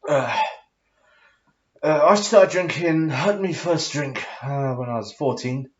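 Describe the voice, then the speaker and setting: A man's voice: a little high, slow pace, lo-fi sound. A tipsy man in his thirties telling a rambling, sweary story full of fillers and hesitations. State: tipsy after drinking. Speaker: vlogger.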